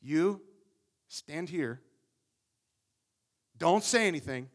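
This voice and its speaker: A man's voice: on the high side, animated, drawn-out words. A man preaching a sermon, telling the story with energy and often repeating his words as he goes. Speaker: pastor.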